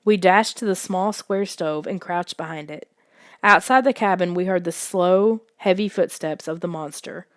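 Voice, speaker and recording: A woman narrating a children's suspense story in a soft, hushed audiobook reading. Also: fairly low pitch, normal speed, no echo, clean studio sound.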